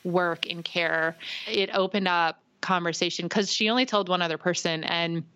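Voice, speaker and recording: Young woman guest, earnest faith testimony, bright and clear tone, dry close sound. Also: fairly low pitch, normal speed, no room sound, highs cut off. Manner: earnest, animated storytelling with acted-out dialogue. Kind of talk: faith testimony in casual chat.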